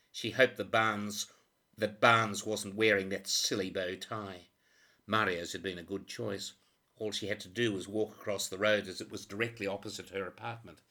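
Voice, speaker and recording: A man narrating a crime novel audiobook in a steady, even reading voice. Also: lowish voice.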